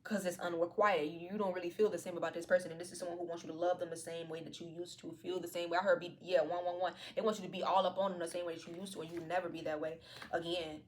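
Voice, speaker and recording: Woman tarot reader, casual, cussing and joking, talks fast. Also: on the low side, flat delivery, slight background noise. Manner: slangy, profane, playful. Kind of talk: casual tarot reading to viewers.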